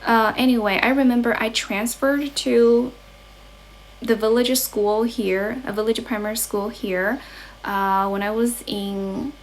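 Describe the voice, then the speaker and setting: A woman's voice: on the high side, fairly even intonation, a little slow, slight background noise. A young woman from China with a Chinese accent, chatting casually on a livestream at her grandmother's home and switching between English and Chinese. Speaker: livestream host and English teacher. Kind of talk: casual bilingual livestream chat.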